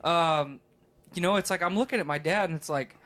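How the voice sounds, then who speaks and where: A man's voice: on the high side, a little fast, fairly bright tone. A man co-hosting a podcast in casual chat, rambling through stories with heavy swearing. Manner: profane, rambling storytelling. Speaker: podcast co-host.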